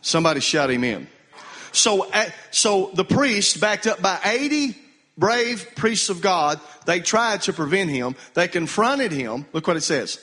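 A man's voice: high voice, lively intonation, unhurried, pushed and bright. A male pastor preaching a sermon, calling on the congregation to answer him. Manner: call-and-response preaching, urging the congregation to answer.

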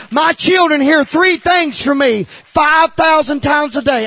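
A man preaching a sermon, emphatic and repetitive, swinging from shouted lines to hushed confession. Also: very high voice, moderate pace, gravelly, hardly any pauses, no echo. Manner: emphatic, repeats phrases.

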